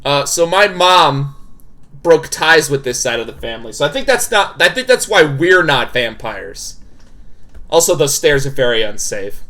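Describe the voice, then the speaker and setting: A man streaming a game, chatting casually, joking, swearing freely and reacting loudly to what happens on screen. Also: on the high side, big pitch swings, normal speed. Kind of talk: casual gaming commentary.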